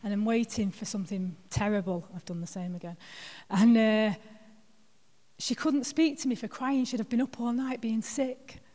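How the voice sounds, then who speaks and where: A woman's voice: fairly high pitch, steady tone, normal speed, warm tone. A woman, a guest speaker telling personal stories in a church sermon, chatty and self-deprecating with plenty of filler words. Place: church hall. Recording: long hall reverb.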